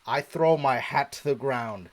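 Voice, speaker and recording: Lively man telling a football story. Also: mid-range voice, a little slow. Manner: animated storyteller who acts out his own past reactions; laughs often. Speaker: co-host of a sports show. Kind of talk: casual live-stream chat.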